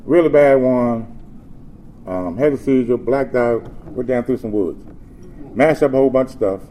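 At a recovery meeting, a man shares his story as spoken testimony at normal speed, animated and joking at first, then turning low and subdued as he describes hard times. The meeting room holds an audience, and crowd murmur and background noise are audible.

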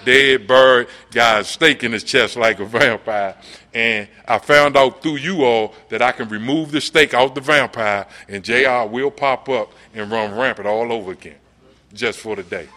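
A man's voice: mid-range voice, normal speed, bright, forceful tone. Earnest middle-aged man sharing his story. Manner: earnest, conversational, repeats "you dig?". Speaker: recovery meeting speaker. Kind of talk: personal testimony share.

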